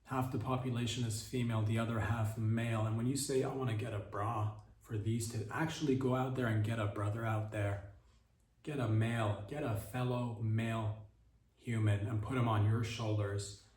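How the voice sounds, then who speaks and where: Man, podcast host, deadpan absurd comedy rant, echoey room, a bit off mic. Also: normal speed. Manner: deadpan absurd riffing, mock sales pitch. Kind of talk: rambling comedic monologue. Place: podcast studio. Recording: roomy echo, voice far from the mic.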